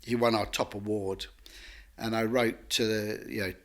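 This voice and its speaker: A man, a guest telling stories in a lively, rambling way full of restarts. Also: fairly low pitch, moderate pace. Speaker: guest artist. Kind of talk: conversational storytelling.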